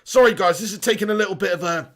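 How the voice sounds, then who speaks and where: Excitable man hosting a live stream. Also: sits high, rapid-fire. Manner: excitable, laughing, swearing banter. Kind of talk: live stream chat, reading viewer messages.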